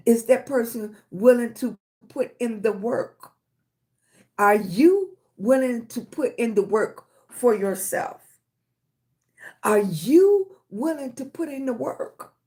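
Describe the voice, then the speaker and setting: On her livestream, a middle-aged woman from Virginia speaks in a fairly high, slightly mellow voice. She cheers viewers on, greets them fondly by name, and calls them sweetie or baby. She often checks in with a quick "right?"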